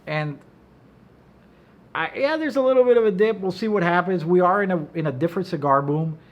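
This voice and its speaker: A man's voice: high-pitched, expressive, brisk, highs cut off. A middle-aged man, a cigar maker, talking in a casual chat as a guest, blunt and profane, telling stories with animation. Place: office.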